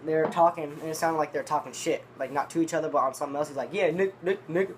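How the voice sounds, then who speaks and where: A man's voice: on the high side, fairly even intonation, rapid-fire, background noise. A man telling a long, rambling story in casual, profanity-laden talk, reviewing dip tobacco. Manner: rambling, profane, restarts often.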